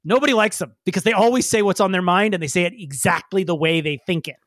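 A woman's voice: lowish voice, quick pace, dry recording, studio quality. A woman narrating as game master of a tabletop role-play, talking loosely with many fillers. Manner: animated, voices many characters, frequent fillers.

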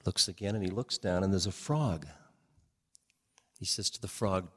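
An older man giving a relaxed storytelling talk, chuckling often and shifting his pace, recorded in a hall with long reverb. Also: low voice, moderate pace. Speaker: speaker on change and spirituality.

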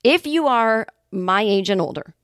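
Comedian woman in her fifties hosting her own podcast, animated and salty, on a dry close mic. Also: medium pitch, measured pace, dry recording. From New England, Boston area. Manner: animated, profane, jokey asides. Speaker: podcast host and stand-up comedian. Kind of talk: casual comedic monologue.

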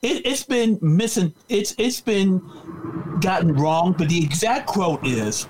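Man, radio guest, high voice, very lively pitch, rambling with fillers. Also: takes it slowly, a crowd in the background. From Chicago South Side. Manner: animated, rambling, many fillers and restarts. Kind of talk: casual radio chat.

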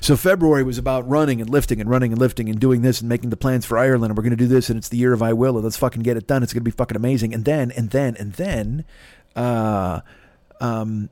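A man's voice: mid-range voice, darkish tone, no room sound, clean studio sound. A man hosting a podcast who talks through a long confessional monologue, swearing often and rambling with many restarts and self-deprecating asides. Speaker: podcast host.

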